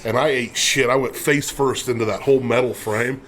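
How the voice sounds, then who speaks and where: A man's voice: medium pitch, fairly even intonation, moderate pace, fairly bright tone, slight background noise. A man co-hosting a podcast, telling a childhood story in casual chat. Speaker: podcast co-host.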